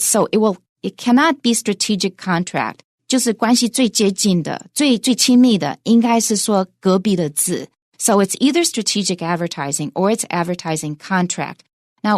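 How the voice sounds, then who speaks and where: A woman teaching English pronunciation on a radio lesson, explaining clearly and switching between English and Mandarin. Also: medium pitch, no room sound, studio quality.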